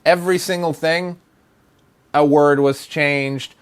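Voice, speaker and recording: A man with a somewhat high voice delivers acting advice as a blunt rant. He sounds exasperated and drives each point home by repeating it. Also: fairly even intonation, slow, clean tone. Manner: blunt, exasperated, emphatic repetition. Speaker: producer and director giving acting advice. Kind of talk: direct-to-camera advice rant.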